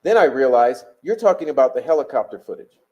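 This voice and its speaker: A man's voice: mid-range voice, big pitch swings, fast talker, darkish tone, highs cut off. A man hosting a live stream, reading chat and talking bluntly, combative and profane.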